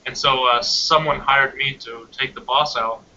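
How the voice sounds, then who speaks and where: A man's voice: mid-range voice, fairly even intonation, moderate pace, pushed and bright, muffled recording, a little hiss or hum. A young man in casual chat, animatedly telling a long dream story and laughing often. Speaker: hangout participant.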